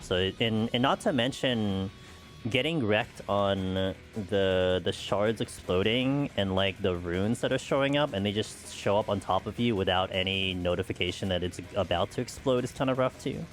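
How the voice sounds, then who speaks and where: An American man with a fairly low pitch streams a game, casually chatting with viewers at normal speed. His talk rambles, full of "like" and "you know," with faint music behind him.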